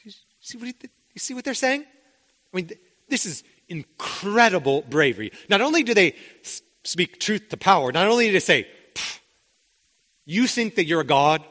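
A man's voice: sits high, big pitch swings, moderate pace, pushed and bright. A man preaching a sermon as the pastor, talking conversationally with rhetorical questions and frequent restarts. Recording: long hall reverb.

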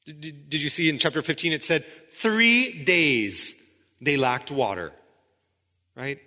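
A man preaching a sermon in a conversational way, with frequent restarts, sometimes dropping into quiet intensity. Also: a little high, expressive, measured pace, in a large hall. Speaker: pastor.

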